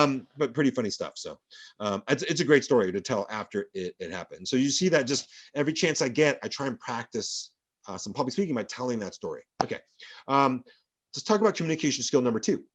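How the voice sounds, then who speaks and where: A man's voice: mid-range voice, dull audio. A male professor giving a rambling, anecdotal classroom lecture full of fillers.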